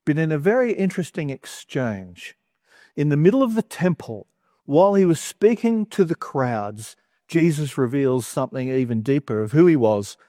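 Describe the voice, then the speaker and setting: A man's voice: on the high side, big pitch swings, moderate pace, mellow, no room sound, clean studio sound. A man, giving a conversational Bible teaching as a preacher, with casual, playful asides.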